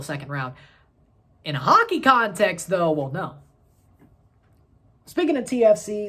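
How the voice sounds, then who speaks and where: A woman in her thirties hosting a casual sports review vlog, excitable and rambling, correcting herself as she goes. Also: medium pitch. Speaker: sports channel host.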